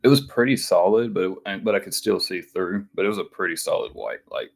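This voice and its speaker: A man co-hosting a podcast, chatting casually in a halting way with many fillers. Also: deep voice, creaky. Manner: halting, full of fillers and "you know". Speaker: podcast co-host.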